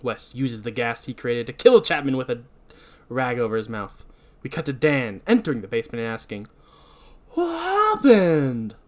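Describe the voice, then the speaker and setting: A man hosting a podcast, recapping a movie scene by scene with animated storytelling and self-deprecating asides. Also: medium pitch, fairly quick. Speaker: podcast host.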